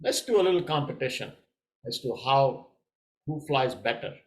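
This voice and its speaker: A man's voice: medium pitch, expressive, moderate pace, echoey room, close to an everyday voice. A man voicing a boastful, show-off male crow in a spoken fable. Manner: pushy, bragging.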